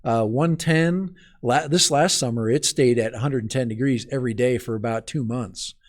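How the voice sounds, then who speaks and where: A man's voice: mid-range voice, moderate pace. A man from Minnesota hosting a live stream outdoors in the cold, chatting casually and rambling as he talks straight to his viewers.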